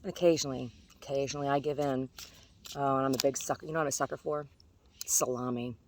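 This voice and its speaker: A woman's voice: rumbling low, steady tone, fast talker, darkish tone, a little hiss or hum. A woman vlogger chatting casually outdoors among the trees, rambling and self-deprecating, laughing at her own jokes. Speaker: vlogger doing tarot card readings.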